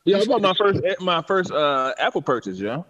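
A man's voice: a little high, very animated, normal speed, fairly bright tone, dull audio. A man in a casual group chat, easygoing and slangy.

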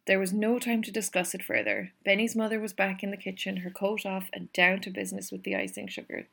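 A woman reading a novel aloud in a calm, measured narration. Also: mid-range voice, vocal fry, husky. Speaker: reader. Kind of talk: audiobook narration.

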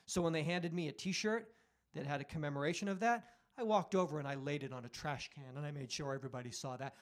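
A man in his forties with a high-pitched voice chats on a podcast. He tells stories with animated energy, acting out shouted quotes and swearing freely as he goes. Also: quick pace. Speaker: podcast host. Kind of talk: casual chat.

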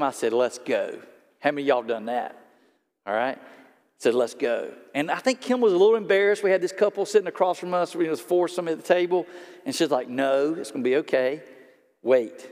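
A man, a pastor preaching a sermon in a conversational storytelling way and talking straight to his congregation. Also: on the high side. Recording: long hall reverb.

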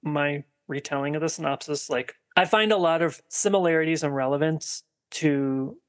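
Male podcast co-host, higher register, chatty and rambling, lots of "like" and restarts. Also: moderate pace. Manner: rambling, heavy on filler "like" and restarts. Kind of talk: casual film discussion.

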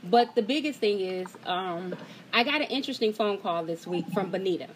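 A woman's voice: medium pitch, expressive, normal speed, slight background noise, poor audio. A woman hosting an online group call, talking in a heartfelt way and holding back tears. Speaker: host of an online gathering. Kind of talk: emotional casual talk to a group call.

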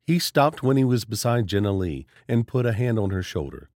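A man reading a horror story aloud as narrator in a steady, dramatic storytelling manner. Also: on the low side, moderate pace, dry recording, clean studio sound.

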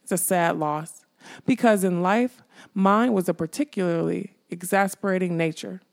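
A woman reading an audiobook, voicing a mocking dead male skull that guards a castle, in a slow teasing drawl. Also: fairly low pitch, vocal fry.

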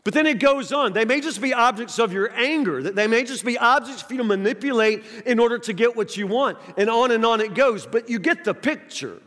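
A male pastor with a notably high voice preaches in a conversational way, stumbling over the first sounds of words and checking in with his listeners. His voice rings out with a long reverb trail, as in a large church sanctuary. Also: fairly quick, few pauses, a bit bright. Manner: conversational preaching with frequent restarts and direct questions to the congregation. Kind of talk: sermon.

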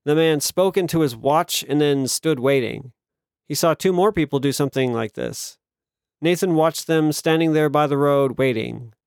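In this scripted narration, a male audiobook narrator reads from a novel at a steady, measured pace. The close, dry recording carries no room sound, and his pitch sits somewhat high for a man.

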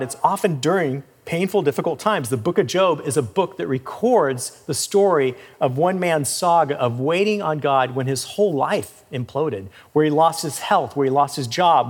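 A man preaching a sermon in a casual, conversational way, with a fairly high voice for a man. His voice carries a long hall reverb, and it climbs sharply when he acts out pleading cries. He speaks as a pastor to his congregation.

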